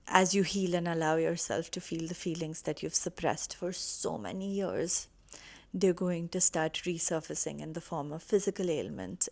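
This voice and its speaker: A woman's voice: sits low, vocal fry. Earnest woman. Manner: earnest, expressive, reassuring. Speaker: vlogger sharing personal healing advice. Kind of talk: casual heartfelt talk to camera.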